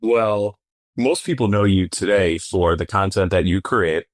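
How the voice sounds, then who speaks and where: A man's voice: sits low, a little slow, no echo, studio quality. A man co-hosting a podcast, chatting in a friendly, laid-back way. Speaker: podcast co-host. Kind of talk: casual podcast chat.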